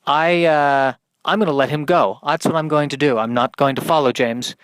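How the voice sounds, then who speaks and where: A man's voice: a little high, normal speed, smooth, no room sound, lightly acted. A man voicing a capable, self-assured young woman who talks in a musing, resolved way.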